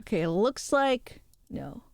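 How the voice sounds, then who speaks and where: A woman VTuber streamer rambles through a casual livestream chat, often breaking into giggles. Her voice sits a little high and sounds smooth and clear. The sound is dry and close. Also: very animated, unhurried, darkish tone, no room sound.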